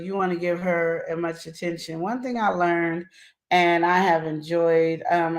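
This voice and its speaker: Animated woman with a roomy echo. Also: fairly low pitch. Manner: animated storyteller, drawn-out emphatic phrasing. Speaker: co-host of a relationship advice live show. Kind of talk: casual advice chat.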